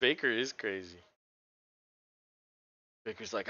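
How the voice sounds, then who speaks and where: A man co-hosting a casual live football reaction show, excitable and quick to swear and laugh. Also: medium pitch, smooth, dry recording, muffled recording. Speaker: co-host.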